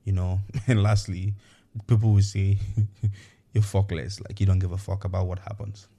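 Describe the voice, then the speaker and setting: A man's voice: deep voice, little pitch movement, moderate pace, vocal fry, warm tone. A man hosting a motivational podcast, talking straight to his listeners in an earnest, repetitive coaching manner. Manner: earnest, repetitive, coaching tone with frequent "okay" and "you know". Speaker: podcast host.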